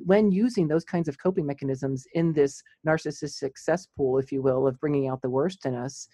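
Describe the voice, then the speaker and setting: Animated woman psychologist telling stories. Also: low voice, breathy edge, no echo. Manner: animated storyteller, laughs often. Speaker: clinical psychologist. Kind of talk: casual chat on psychology.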